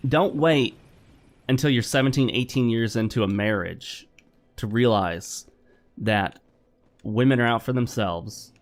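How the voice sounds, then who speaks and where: A man's voice: medium pitch, measured pace, pauses often. A middle-aged man giving blunt, opinionated commentary while playing a game, lecturing and repeating himself. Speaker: gaming commentator. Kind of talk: opinionated commentary over gameplay.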